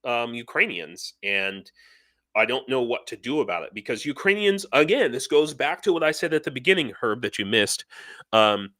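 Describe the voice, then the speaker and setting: A middle-aged man hosting a live stream, talking casually and in an animated, rambling way with many fillers and restarts. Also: medium pitch, normal speed.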